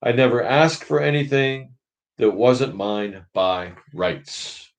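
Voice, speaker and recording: A man's voice: medium pitch, animated, slow pace. A man reading aloud and voicing a blustering, self-righteous big ghost from a storybook. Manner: aggrieved, blustering.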